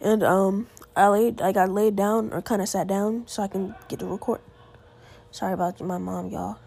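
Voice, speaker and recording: A woman's voice: medium pitch, fairly even intonation, normal speed, creaky, a little mellow, breathy edge. A teenage girl hosting her own podcast, sounding tired and rambling through her weekend with lots of "like" fillers and restarts. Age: teens. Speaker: podcast host. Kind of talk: casual solo podcast chat. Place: at home.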